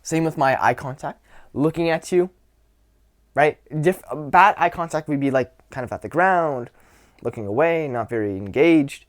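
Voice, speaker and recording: Teaching social skills casually, this somewhat high-voiced man stays relaxed and grounded, drawing out his delivery with sighs. To show vocal dynamics he shifts from whispering to speaking loudly, and he slows down to emphasize words.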